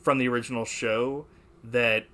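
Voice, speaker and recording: A man's voice: medium pitch, level tone, moderate pace, sharp tone. A young man hosting a podcast, chatting casually about a movie, rambling, swearing and laughing as he quotes lines. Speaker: podcast host.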